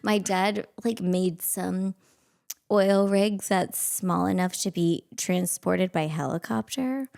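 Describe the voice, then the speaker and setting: A woman's voice: on the low side, slow, gravelly, a little mellow. A woman hosting a podcast in casual chat, laughing often and echoing her guest's words. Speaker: podcast host.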